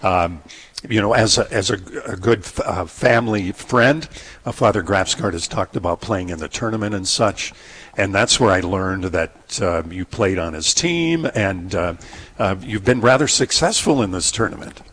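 A man co-hosts an interview and speaks in a thoughtful, halting way, pausing to find his words. His voice is low and husky. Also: a bit bright. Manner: halting, many fillers and restarts, thoughtful. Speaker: co-host. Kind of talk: casual interview chat.

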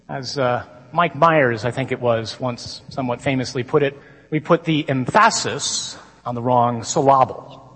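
A man, a priest giving a humorous conference sermon with lively storytelling and mock-dramatic asides. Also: fairly high pitch. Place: large conference hall. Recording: long reverb of a conference hall.

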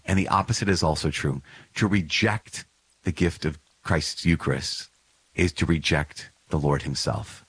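A man's voice: deep voice, normal speed, slightly rough, dry recording. A man hosting a religious podcast, teaching with earnest enthusiasm and telling stories with many small digressions. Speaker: podcast host.

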